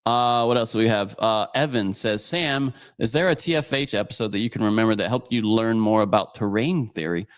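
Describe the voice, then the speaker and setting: A man's voice: lowish voice, a little fast, few pauses, dry recording, clean studio sound. A man co-hosting a casual podcast, reading viewer comments aloud in a rambling way with many fillers. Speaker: podcast co-host reading super chats.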